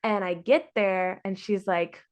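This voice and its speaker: A woman's voice: medium pitch, a little slow. Frank woman telling a story, acting out dialogue. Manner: frank, exasperated. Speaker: podcast host sharing her surrogacy story. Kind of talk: casual chat.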